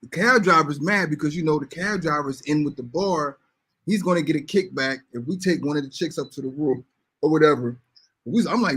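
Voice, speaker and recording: A man in his forties telling a story in casual chat, animated and acting out the voices of people in it. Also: fairly high pitch, fairly quick, slightly rough. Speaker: storyteller on a podcast.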